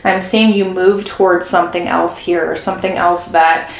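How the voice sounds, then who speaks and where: A woman doing a casual, chatty tarot reading, talking warmly and effusively to her viewers. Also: lowish voice, steady tone, normal speed, a little hiss or hum. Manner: chatty and effusive, gasps and acts out quotes. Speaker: tarot reader. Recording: echoey room.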